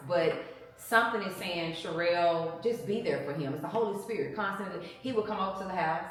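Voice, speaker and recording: Woman telling a faith testimony, earnest and emphatic, lowish voice, distant mic in a very echoey room. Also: a little fast. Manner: earnest, emphatic storytelling with religious fervor. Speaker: guest sharing marriage testimony. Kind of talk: casual testimony chat.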